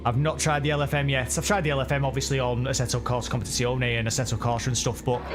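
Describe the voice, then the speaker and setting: Chatty sim racing streamer. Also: male voice, medium pitch, little pitch movement, very fast, noisy background. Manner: chatty, rambling, self-correcting. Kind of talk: live gameplay commentary.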